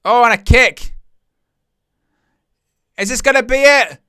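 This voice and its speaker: A man hosting a live wrestling watch-along, calling the action with excited gasps and exclamations. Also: extremely high pitch, slow pace, clean tone, no room sound, studio quality. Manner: animated, exclaiming "oh" at each move. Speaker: wrestling live-stream host.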